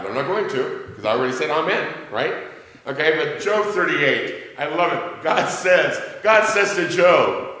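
Preaching man in a reverberant church. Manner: dramatic swings between booming emphasis and quiet asides; jokey with the congregation. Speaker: pastor. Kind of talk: sermon. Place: church sanctuary.

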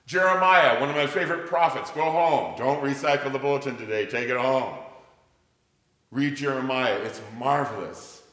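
An older male pastor preaching a sermon, telling stories animatedly and swinging from loud to hushed. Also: medium pitch, normal speed. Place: church sanctuary. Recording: echoey church hall.

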